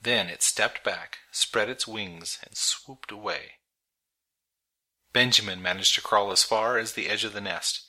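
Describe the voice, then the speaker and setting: A man narrating a storybook in a dramatic, measured reading that builds tension. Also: fairly low pitch, steady tone, pushed and bright, rough recording. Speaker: audiobook narrator. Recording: narration over clear background music. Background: music.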